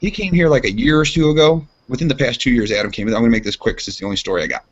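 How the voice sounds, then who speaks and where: A man co-hosting a casual podcast, telling a rambling story and jumping into high voices for quotes. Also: rapid-fire. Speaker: podcast co-host. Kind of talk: casual chat. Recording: dull lo-fi sound.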